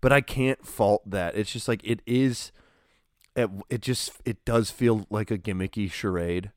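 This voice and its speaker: A man co-hosting a podcast, chatting casually about basketball in a rambling, animated way, full of fillers and restarts. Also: fairly low pitch, unhurried, no echo, studio quality. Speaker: podcast co-host. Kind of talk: casual sports chat.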